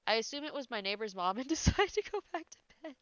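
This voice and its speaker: A woman's voice: fairly high pitch, sing-song, fast talker, no room sound. Woman reading spooky stories and cracking up, kinda stuffy nose, dry muffled mic. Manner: breaks off into giggles and incredulous asides. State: slightly congested. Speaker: host reading and reacting to ghost stories. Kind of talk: reading stories aloud with laughing commentary.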